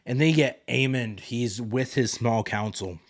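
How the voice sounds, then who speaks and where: Alone on his podcast, a man ambles casually through a recap of a TV episode, loosely quoting what characters said. He speaks unhurriedly at medium pitch, and the sound is clean studio audio with no room sound.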